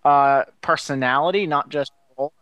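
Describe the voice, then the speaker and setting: A man with a somewhat high voice trading jokes with his co-hosts during a TV recap. He teases and often restarts his sentences. The recording is dry and close. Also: moderate pace, fairly bright tone, clear, resonant tone, no echo, lo-fi sound. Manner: joking, teasing, stumbling restarts. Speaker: podcast co-host. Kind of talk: casual TV recap chat.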